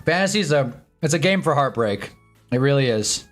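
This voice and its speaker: A man's voice: mid-range voice, animated, normal speed, soft background music. Chatty man hosting a sports stream. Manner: loose and chatty, swears, talks to chat. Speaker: live-stream host. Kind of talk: casual live-stream sports talk. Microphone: own desk mic.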